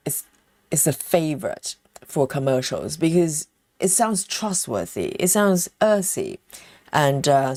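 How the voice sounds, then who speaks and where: A woman's voice: deep voice, a little mellow, dry recording, clean studio sound. A woman hosting a cross-stitch livestream, chatting casually, reading viewer comments and counting stitches, with lots of fillers. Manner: many fillers and self-interruptions. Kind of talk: casual chat while stitching live.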